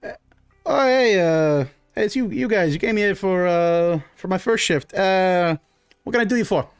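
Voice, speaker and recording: A man doing a nervous, greasy halfling cook in a tabletop game, fumbling through his words with uhs and stray curses. The voice is pitched up over a plain speaking voice. The sound is dry and close. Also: moderate pace, smooth, no room sound, soft background music. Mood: flustered. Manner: hesitant, fumbling, full of uhs and sudden curses.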